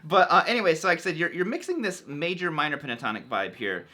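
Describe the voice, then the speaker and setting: A man's voice: a little high, big pitch swings, fast, pushed and bright. A man teaching a casual guitar lesson, enthusiastic and chatty, sometimes tripping over his words. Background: electric guitar playing.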